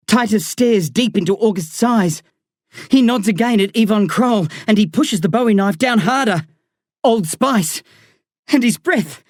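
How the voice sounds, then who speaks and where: A woman reading a first-person story as an audiobook narrator, in a slow, tense, dramatic way. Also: mid-range voice, expressive, a little mellow, dry recording, studio quality.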